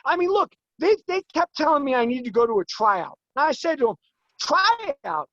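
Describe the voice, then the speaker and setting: A man in his forties, a guest in an interview, talking emphatically and fast, his voice climbing as he gets worked up. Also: very high-pitched, very animated, no echo, dull audio. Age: 40s. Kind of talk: heated interview talk.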